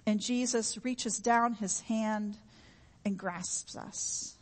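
High-voiced woman preaching a sermon. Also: in a large hall. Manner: earnest, repetitive, uses homey examples.

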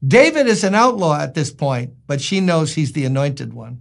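A man's voice: fairly high pitch, very animated, normal speed, creaky. A male pastor preaching a sermon in an emphatic, conversational way, asking his listeners rhetorical questions.

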